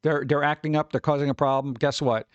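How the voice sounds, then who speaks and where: A man's voice: on the high side, steady tone, a little fast, no echo, dull audio. A young adult man, hosting a stream, rants in a casual, profane chat and acts out the voices he quotes. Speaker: streamer host.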